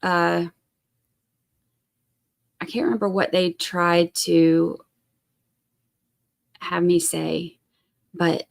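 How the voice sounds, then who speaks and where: A woman's voice: on the low side, level tone, very slow, creaky, pauses often. A woman from Georgia, hosting a true crime live stream and chatting casually with viewers in a rambling way. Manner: chatty and rambling, full of fillers and asides.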